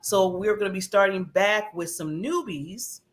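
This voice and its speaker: A woman's voice: mid-range voice, a little slow. Chatty laughing female co-host. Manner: animated storytelling, acts out quotes, laughs often. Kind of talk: casual chat.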